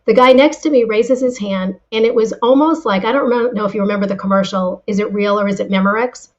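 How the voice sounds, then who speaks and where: A woman being interviewed as a guest speaker, telling stories in a lively way and repeating words as she starts her thoughts. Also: medium pitch, quick pace, highs cut off. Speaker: guest, sales and leadership speaker. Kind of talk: interview answers with personal stories.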